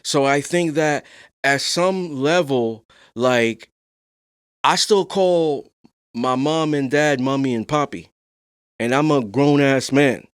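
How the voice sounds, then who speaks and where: A young adult man hosting a podcast, talking in a casual discussion, soft-spoken and calm but rising to animated emphasis. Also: medium pitch, slow, clear, resonant tone, dry recording, clean studio sound. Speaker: podcast host.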